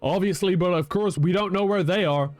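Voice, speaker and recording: A man voicing a male alien museum curator in a video game, speaking in a slow hillbilly drawl that turns whispery. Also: high-pitched, darkish tone, lightly acted. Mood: folksy.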